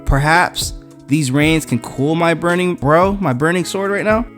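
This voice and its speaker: A man's voice: fairly high pitch, measured pace, fairly bright tone, faint music behind. A man doing a stern female angel general. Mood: solemn resolve.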